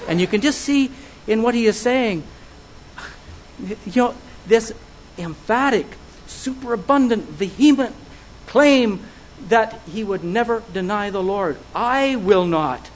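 This is an earnest sermon from a high-pitched male preacher who keeps a measured pace, moving in steady phrases and turning to the congregation with searching questions. The recording is rough, with a faint hum behind him.

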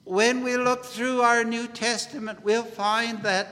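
A man preaching an earnest gospel sermon at a meeting, in a deliberate, measured way. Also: extremely high pitch, flat delivery, sharp tone. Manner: earnest, slow and deliberate preaching, biblical phrasing. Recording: long hall reverb.

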